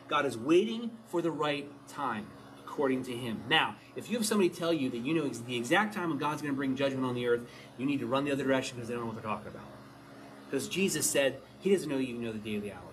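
A man preaching a sermon in an animated way, often asking his listeners questions. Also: mid-range voice, a little hiss or hum. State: out of breath.

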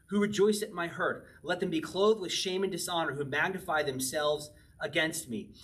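A man's voice: on the high side, fairly bright tone, distant mic. Chatty man preaching a Bible study. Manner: conversational, laughs often, slows to read scripture aloud. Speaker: pastor. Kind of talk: sermon, verse-by-verse Bible teaching.

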